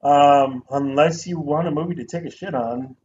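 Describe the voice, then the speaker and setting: A man co-hosting a casual movie review show, talking in an animated, profane way and mimicking actors. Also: a little high, normal speed. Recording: dull lo-fi sound with faint noise.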